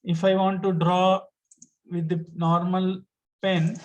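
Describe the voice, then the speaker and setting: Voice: medium pitch, little pitch movement, slow, darkish tone, poor audio. A teacher, giving an online lesson step by step and patiently repeating each point.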